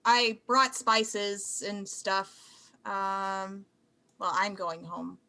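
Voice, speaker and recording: A woman's voice: medium pitch, fairly even intonation, very slow, pushed and bright, heavily acted. Woman playing a sarcastic, rambling adventurer. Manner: dry sarcasm, rambling asides. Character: sarcastic woman adventurer, chatty and put-upon.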